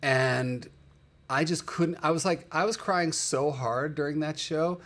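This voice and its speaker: A man's voice: a little high, a little slow, a bit bright. A man hosting a casual livestream, telling stories with open emotion and calling out his viewers by name. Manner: emotional, chatty storyteller who calls out viewers by name. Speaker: livestream host.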